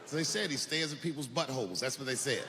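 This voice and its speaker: A man doing profane stand-up comedy on stage before a live audience, swinging from muttering to shouting. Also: mid-range voice, fast talker. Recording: long hall reverb, noisy live room.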